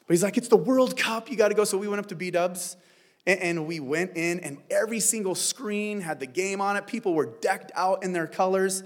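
A middle-aged man preaching a sermon as pastor, teaching in a conversational, animated style with playful asides. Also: high voice, normal speed. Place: church.

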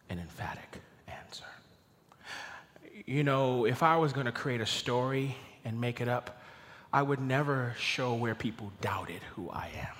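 A male pastor preaching a sermon, dropping to hushed whispers and building to loud emphatic peaks. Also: mid-range voice, big-room sound. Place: church sanctuary.

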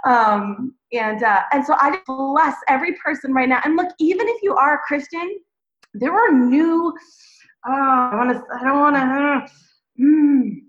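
High-voiced woman praying in a roomy echo. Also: unhurried, a bit bright. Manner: emotional, prayerful, rambling. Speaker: podcast guest. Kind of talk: faith testimony and prayer. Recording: roomy, dull lo-fi sound.

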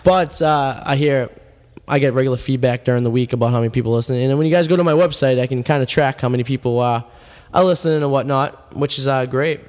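A male radio host, telling a rambling, deadpan absurd story full of fillers, his voice getting worn. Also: mid-range voice, quick pace, big-room sound. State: losing his voice. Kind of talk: casual storytelling monologue.

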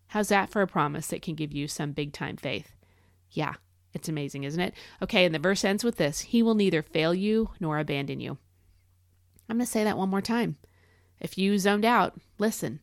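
A woman's voice: on the low side, no room sound, clean studio sound. A woman hosting a devotional podcast, talking in an earnest, encouraging way and stressing key phrases with emphatic declarations. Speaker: podcast host.

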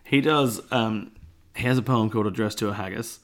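A man's voice: lowish voice, a little fast. Easygoing man on a podcast. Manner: rambling, easygoing, trails into asides. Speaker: podcast co-host. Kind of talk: casual chat.

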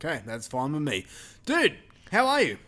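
A young man hosting a podcast in casual chat, laughing often, swearing and getting excitable. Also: fairly high pitch, moderate pace. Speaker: podcast host.

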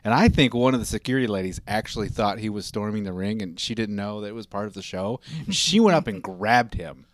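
A man's voice: on the low side, expressive, fast, hardly any pauses. A man hosting a casual chat, telling long rambling stories full of asides and fillers.

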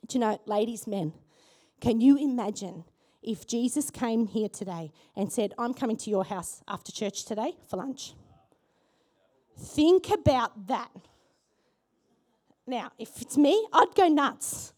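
A woman pastor preaching a sermon in church, animated and asking the congregation questions. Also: on the high side, unhurried.

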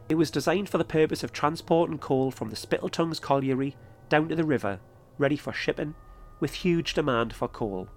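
Man, podcast host, scripted narration, calm measured telling, mid-pitched voice.

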